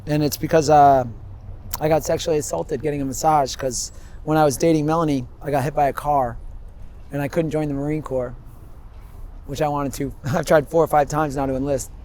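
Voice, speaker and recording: Rambling fifty-something man, slightly high voice. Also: a little fast, slight background noise. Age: 50s. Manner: rambling, animated storytelling, laughs often. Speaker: interviewee. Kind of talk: street interview. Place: outdoors on a city street.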